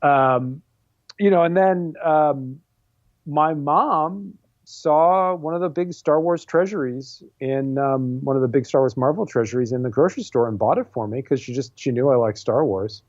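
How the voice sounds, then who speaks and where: A man's voice: medium pitch, moderate pace, no room sound, muffled recording. A man in his forties, a comic book artist and writer guesting on an interview show, talking casually with many fillers and restarts. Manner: rambling, self-deprecating, many fillers and restarts.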